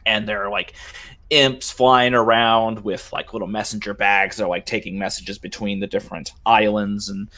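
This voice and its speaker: A man's voice: lowish voice, little pitch movement, normal speed, pushed and bright. A young man narrating a tabletop game as game master, casual and loose, with many fillers.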